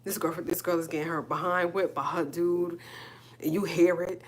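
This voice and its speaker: A woman, hosting a live stream and speaking a halting, emotional personal monologue, repeating herself as she holds back tears. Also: lowish voice, steady tone. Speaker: livestream host. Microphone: phone or webcam on a live stream.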